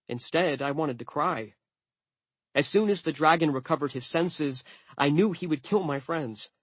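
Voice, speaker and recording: A man narrating an audiobook in the first person with a wry, deadpan delivery. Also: on the high side, no echo.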